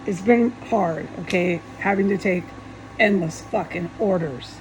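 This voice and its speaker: A woman's voice: lowish voice, a little slow, noisy background. A woman vlogger in a rambling monologue, agitated and swearing in heated outbursts.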